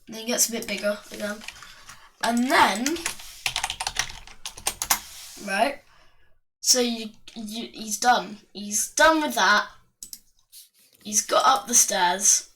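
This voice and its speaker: A woman slowly rambles through a made-up story, drawing as she goes, with slangy asides and plenty of fillers. Her voice is bright and light, set back from the mic. Faint keyboard clicking runs underneath. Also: a little high, distant mic, a little hiss or hum. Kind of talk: rambling improvised story narration.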